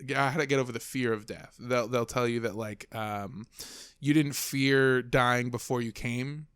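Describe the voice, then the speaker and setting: A man's voice: mid-range voice, fairly even intonation, measured pace, a bit bright, clear, resonant tone, no room sound. A man talking as a podcast guest in casual chat, earnest and rambling, swearing freely.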